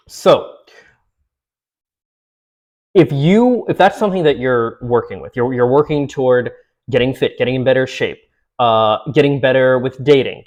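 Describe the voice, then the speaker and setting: A young man in his twenties chats loosely to his viewers. He rambles and restarts sentences, and fillers, laughs and the odd swear word break up his talk at an ordinary middle pitch. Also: a little mellow. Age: 20s. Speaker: vlogger. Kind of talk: casual chat to camera.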